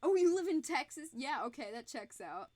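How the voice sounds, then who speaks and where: Young michigan gal chatting on her craft stream, giggly and chatty, high voice. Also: big pitch swings, moderate pace, a little mellow, no room sound. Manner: giggly, chatty, laughs often. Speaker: fursuit maker and streamer. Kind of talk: casual live-stream chat while crafting.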